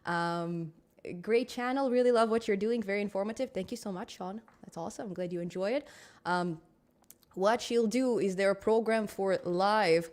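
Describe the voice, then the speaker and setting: A woman hosting a programming live stream, chatting casually with viewers, upbeat and quick to laugh, with a lot of ums. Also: mid-range voice, a little mellow. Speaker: livestream host of a programming channel.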